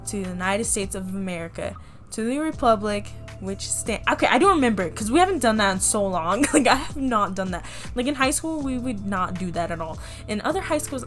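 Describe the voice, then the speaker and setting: With a mid-range voice, a young woman who vlogs recounts something that happened to her, speaking casually to the camera. She acts out people's words animatedly and keeps breaking into laughter.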